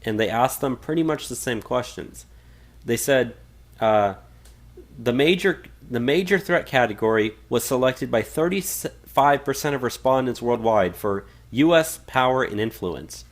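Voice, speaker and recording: A man's voice: mid-range voice, lively intonation, unhurried. A man co-hosting a political talk podcast, reading out quotes and chatting with many fillers and restarts. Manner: reads quotes aloud, frequent fillers and restarts. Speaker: podcast co-host. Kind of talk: casual political talk radio.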